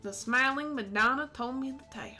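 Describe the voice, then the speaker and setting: A woman's voice: sits high, brisk, bright, forceful tone, faint music behind. A woman voicing a laid-back Southern cowboy lawman in a game, with a Tennessee drawl and folksy frontier sayings. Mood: folksy showman.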